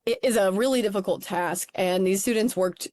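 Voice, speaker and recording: A woman academic guest on a podcast interview, talking in a quick, animated, casual way. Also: medium pitch, no room sound, studio quality.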